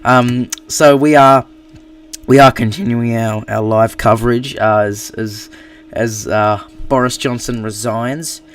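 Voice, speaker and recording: Australian man, live news anchor, halting, full of fillers, set back from the mic. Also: mid-range voice, fairly even intonation, smooth, far from the mic. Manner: halting, many fillers and restarts. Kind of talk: live streamed news coverage.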